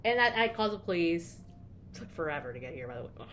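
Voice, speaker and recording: A woman's voice: lowish voice, very animated, quick pace, a bit bright, slight background noise. A young woman co-hosting a podcast, telling candid stories in casual chat and swearing freely. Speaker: podcast co-host.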